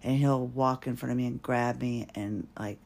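A woman hosting a podcast, talking through her own story in a slow, halting way and searching for her words. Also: extremely low pitch, steady tone, gravelly, darkish tone. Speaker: podcast host. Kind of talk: personal monologue.

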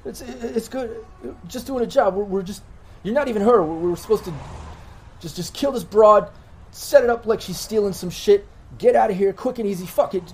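A man's voice: high voice, normal speed, a little mellow, a little hiss or hum, pitched above the performer's own voice, close to an everyday voice. A man voicing a panicky male hired thug who is bleeding out, swearing and pleading in a tabletop game. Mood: shaky pleading.

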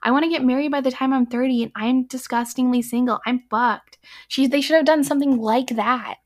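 A woman's voice: high voice, fairly even intonation, brisk. Chatty young woman in her twenties. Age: 20s. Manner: chatty, heavy filler use, frank. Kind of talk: casual film-review chat.

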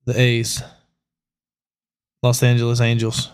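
A man's voice: mid-range voice, completely flat delivery, takes it slowly, smooth. A man, a podcast guest in laid-back casual chat.

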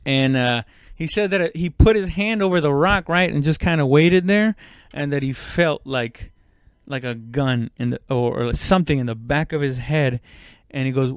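On the high side yet clear and resonant, this man talks at a normal pace as he casually rambles through a story with many fillers and restarts. He curses freely and loudly acts out the quotes. The recording is dry and studio quality.

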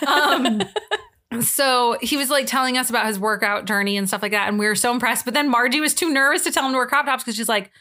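Bright-voiced young woman telling stories. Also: on the high side, fast talker. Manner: storytelling with lots of "like" and laughs. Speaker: podcast co-host. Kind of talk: casual chat.

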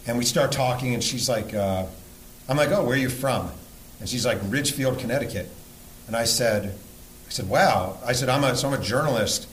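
A man's voice: medium pitch, brisk, a bit bright, roomy sound, a little hiss or hum, rough recording. A man from New York hosting a podcast, telling an earnest, emotional story before a live audience, with blunt swearing. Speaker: podcast host and sportswriter.

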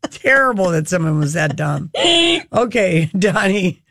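A tired woman co-hosting a podcast, chatty and quick to laugh in casual talk. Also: lowish voice, animated, creaky, fairly bright tone, dry recording, faint music behind. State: tired, short on sleep. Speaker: podcast co-host. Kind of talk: casual chat.

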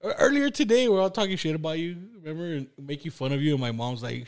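A man's voice: fairly high pitch, fast talker. A man hosting a podcast, chatting casually, teasing his guest and swearing often. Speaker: podcast host. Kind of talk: casual chat.

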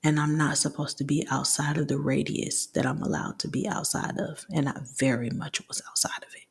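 A young woman in her twenties talks through a personal story for her podcast, her voice hushed and often dropping into a half-whisper. The tone is gravelly and husky, and the telling is candid and rambling, full of restarts. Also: low voice, fairly even intonation, brisk. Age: 20s.

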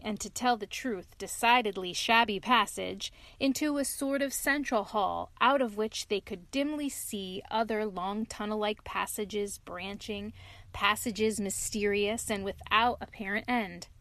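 A mother hosting a show and reading a bedtime story aloud in a calm, steady way. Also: medium pitch, dry recording.

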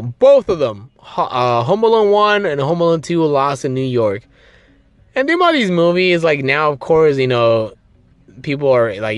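His voice sits a little high, captured dry, as this young man runs his solo podcast. Excitable and profane, he rambles with constant restarts, and long talking has left him sounding slightly strained.

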